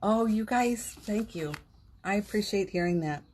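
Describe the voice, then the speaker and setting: Streaming from home over her phone, this woman gives a casual inspirational talk, rambling warmly with plenty of fillers and false starts. She has a mid-range, slightly mellow voice, a somewhat slow delivery, and a faint hiss or hum in the audio.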